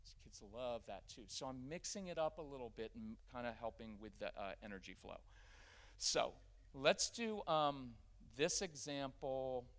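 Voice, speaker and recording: Lively middle-aged man leading a workshop. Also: medium pitch. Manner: energetic and conversational, acting out quick family scenes. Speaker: parenting workshop speaker. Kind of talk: live workshop talk. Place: church gathering with a live audience.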